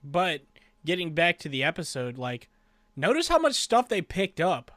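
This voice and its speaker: Animated, higher-voiced man chatting jokingly. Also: moderate pace, no echo, clean studio sound. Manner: animated, jokey, acts out characters' lines. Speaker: podcast host. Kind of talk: casual review chat.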